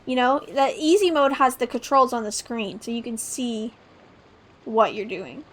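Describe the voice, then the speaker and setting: Young woman streamer, high voice, chatty and giggly commentary. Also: a little slow. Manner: chatty, playful, giggly asides. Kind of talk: live game stream commentary.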